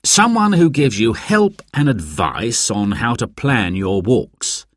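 A kindly, patient dad, voiced by a man reading a storybook, explaining things gently. His voice is slightly raised and lively, and the sound is close and dry. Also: mid-range voice, slow, dry recording. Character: kindly father, patient and encouraging.

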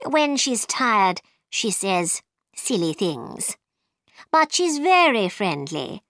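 A woman's voice: mid-range voice, sing-song, slow pace, fairly bright tone, no room sound, studio quality. A woman voicing a bossy, boastful queen in a storybook, with a firm, know-it-all manner.

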